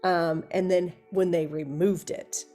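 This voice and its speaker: A woman hypnosis practitioner co-hosting a candid chat, telling stories in a rambling, animated way. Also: on the low side, unhurried, soft background music. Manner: rambling, animated storytelling with restarts.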